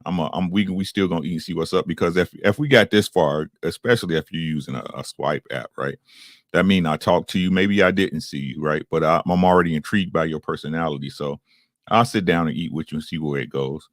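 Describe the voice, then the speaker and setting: A deep-voiced man chatting on a video call in relaxed slang. He circles back often with "you know what I'm saying". The sound is dry and close. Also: fairly quick, dry recording. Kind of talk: casual chat.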